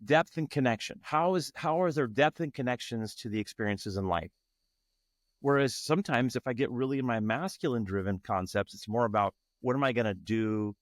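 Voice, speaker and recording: A man's voice: mid-range voice, brisk, no echo. Earnest man talking in a dry room. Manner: earnest, searching, frequent restarts. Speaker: guest, tantra facilitator. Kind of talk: reflective interview talk.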